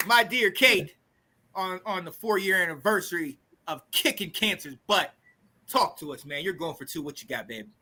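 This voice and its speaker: Brief: male podcast host, high and very bright voice, hyped slangy talker. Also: animated, normal speed. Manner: hyped, slangy, shouts catchphrases. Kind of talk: casual sports podcast chat.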